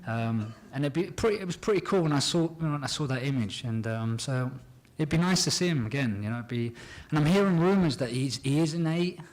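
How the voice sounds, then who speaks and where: 興奮気味に話す男性俳優のパネルトーク. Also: male voice, fairly high pitch, brisk, hardly any pauses. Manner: animated and excitable, acts out scenes, laughs often. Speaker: actor guest at a fan panel. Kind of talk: casual panel Q and A.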